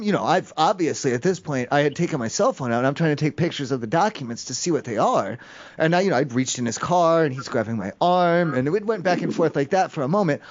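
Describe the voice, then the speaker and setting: Prank caller, male, fairly high voice, rambling and meandering, muffled lo-fi phone audio. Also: slight background noise. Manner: rambling, meandering storytelling with many fillers.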